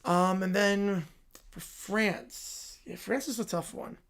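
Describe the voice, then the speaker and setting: A man hosting a casual live Q&A stream, answering chat questions with relaxed asides. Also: high-pitched, takes it slowly, creaky.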